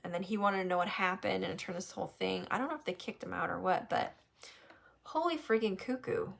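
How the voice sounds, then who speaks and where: A woman from New Hampshire hosts a casual chat and tells a story with lots of swearing and laughter. Her voice sits at an ordinary middle pitch and swings up sharply when she gets worked up. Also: brisk, creaky. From New Hampshire, USA. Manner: animated, swearing, laughs often. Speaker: podcast host.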